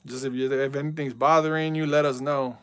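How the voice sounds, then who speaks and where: A man live-streaming a football video game in casual chat, reading out viewer messages and yelling at big plays. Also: medium pitch, steady tone, a little fast, clean tone, no room sound.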